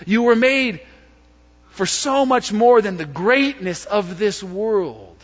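Male pastor with a high voice and a dramatic sermon delivery that swings from loud to hushed, recorded lo-fi in a long-reverb church hall. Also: animated, slow pace.

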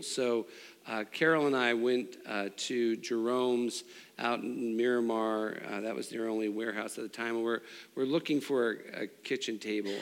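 A middle-aged man preaching a sermon, telling a personal story with restarts and swings between loud and hushed. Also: mid-range voice. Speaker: pastor. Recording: long hall reverb.

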